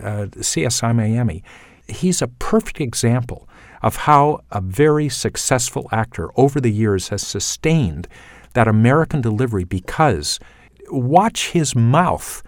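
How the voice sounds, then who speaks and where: A middle-aged man from Canada, a coach telling about his teaching in short phrases with pauses and restarts. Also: medium pitch, no room sound, clean studio sound. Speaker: accent coach for actors. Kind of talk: casual spoken account.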